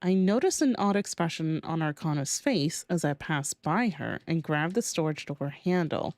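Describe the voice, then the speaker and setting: A woman streamer reading a game aloud with giggly, animated commentary. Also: low-pitched, moderate pace, few pauses, no room sound.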